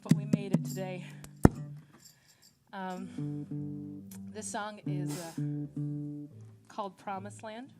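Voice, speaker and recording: A woman's voice: lowish voice, drawn-out words, pauses often, loud music behind the voice. Chatty woman introducing a song on stage. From Nigerian family, raised in the United States. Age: 30s. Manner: chatty and self-deprecating, many fillers, laughs easily. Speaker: singer-songwriter performing live.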